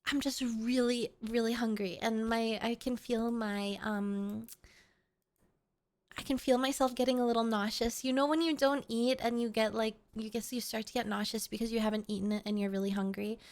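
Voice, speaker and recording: A woman's voice: fairly high pitch, steady tone, moderate pace, darkish tone. A woman streamer chatting casually with her viewers at home, playful, giggly and rambling. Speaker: VTuber streamer. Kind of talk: casual livestream chat.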